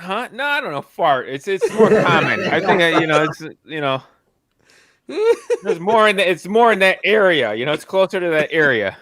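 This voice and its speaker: A man joining a casual podcast, hesitant and halting as he jokes. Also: sits high, very animated, a bit bright.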